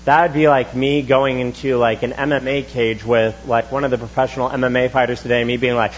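A young man preaching a sermon in a church, in a relaxed, chatty style with quick asides. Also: medium pitch, highs cut off. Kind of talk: casual conversational sermon. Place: church sanctuary.

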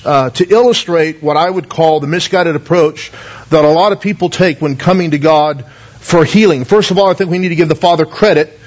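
High-voiced man preaching a sermon. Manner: earnest preaching, asks the congregation questions, repeats words. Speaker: pastor. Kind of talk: sermon with scripture reading and prayer. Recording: dull lo-fi recording.

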